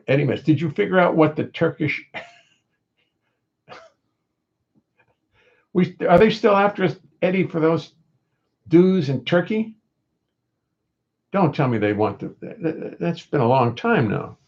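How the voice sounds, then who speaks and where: A man's voice: mid-range voice, creaky, darkish tone, highs cut off. An older man hosting a live stream from home, chatting in a wry, joking, meandering way. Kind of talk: casual rambling chat.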